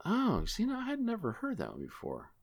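A man hosting a comedic gaming podcast, joking theatrically and swinging between loud declarations and quiet asides. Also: high voice, wildly swooping pitch, fairly quick, husky. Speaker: podcast host.

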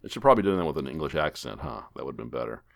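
Animated, theatrical male podcast host. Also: rumbling low, very fast, vocal fry. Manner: theatrical, jokey, swoops between loud and quiet. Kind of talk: comedic gaming podcast banter.

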